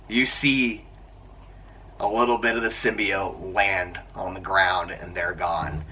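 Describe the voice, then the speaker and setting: A young man giving a casual, excitable film review, rambling with lots of restarts and fillers. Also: fairly low pitch, moderate pace, recorded from a distance, a little hiss or hum. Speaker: movie reviewer.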